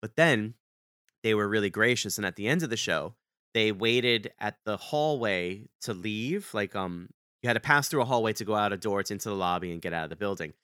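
Bright, crisp-voiced man telling a story. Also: fairly quick, no echo, studio quality. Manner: animated, acts out quoted dialogue with big pitch jumps. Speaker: podcast co-host. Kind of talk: casual storytelling chat.

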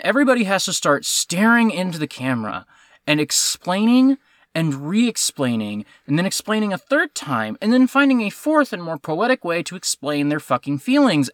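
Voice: mid-range voice, big pitch swings, normal speed, fairly bright tone, dry recording, clean studio sound. A podcast co-host ranting about a film in casual chat, swearing often and sounding exasperated.

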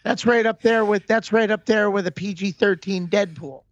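A man's voice: high-pitched, normal speed, dry recording, highs cut off. A man in his thirties co-hosting a podcast, swearing freely and mocking his partner in casual banter. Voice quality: gravelly, profane, teasing. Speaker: podcast co-host.

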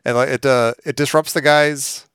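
A man's voice: medium pitch, steady tone, moderate pace, a bit bright, clean tone, no echo, clean studio sound. A man co-hosting a podcast in casual chat, rambling and often restarting his sentences. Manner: rambling, self-interrupting, hesitant. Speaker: podcast co-host.

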